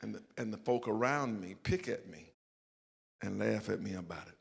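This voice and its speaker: A man's voice: lowish voice, normal speed, creaky, slightly rough, in a large hall. An older man, a pastor with a Southern US accent, telling a self-mocking personal story in a sermon and acting out the quotes. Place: church sanctuary.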